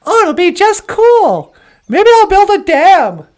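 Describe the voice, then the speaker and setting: A woman puts on an eager male beaver for an animated folk tale. He gushes in a high, lively voice, swooping up and down as he talks. The delivery is unhurried even in his excitement. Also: full character voice. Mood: thrilled. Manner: gushing, thrilled.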